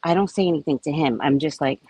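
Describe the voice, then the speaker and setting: A woman telling a story to her viewers in a chatty, frank and animated vlog, now and then profane. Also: sits low, fast talker, slightly rough, poor audio. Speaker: vlogger. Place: at a resort.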